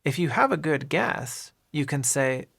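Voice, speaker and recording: A man teaching everyday English phrases in a clear, deliberate scripted narration, modelling each phrase and explaining how words link together. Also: on the high side, animated, fairly bright tone.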